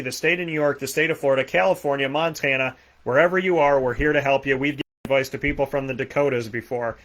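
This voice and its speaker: A man with a Boston accent hosting a sports talk show, rattling off plugs and shout-outs with energy. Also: medium pitch. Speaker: host. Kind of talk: energetic radio show sign-off.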